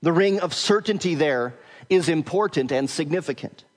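High-voiced male pastor in a reverberant hall. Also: animated, moderate pace. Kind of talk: expository sermon.

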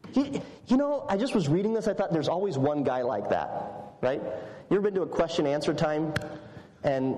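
A man with a high voice preaches a sermon, talking to the congregation in a conversational, animated way. His voice rings through a roomy church hall with a long reverb tail. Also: fairly quick. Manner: conversational and animated, shifting voice for emphasis.

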